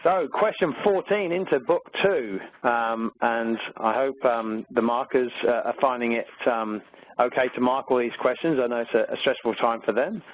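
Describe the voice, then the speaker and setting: Over dry, phone-quality webinar audio, an Australian maths teacher talks students through exam questions in a chatty, upbeat manner, peppering it with fillers. He speaks at an ordinary speed in a mid-range voice.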